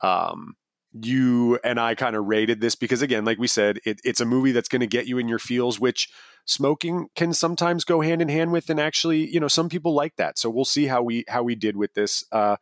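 A podcast co-host chats casually, rambling with lots of fillers and restarts. His mid-range voice moves fairly quickly, captured in a dry, studio-quality recording.

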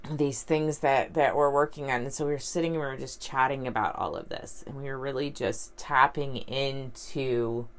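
Woman, low-pitched, casual vlog storytelling, rambling, chatty, upbeat. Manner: rambling, chatty, lots of fillers and restarts. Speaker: vlogger and life coach.

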